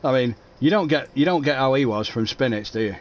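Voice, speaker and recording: A man's voice: medium pitch, expressive, fast. Joking, rambling male race streamer. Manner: rambling, jokey, self-mocking. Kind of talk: casual livestream banter.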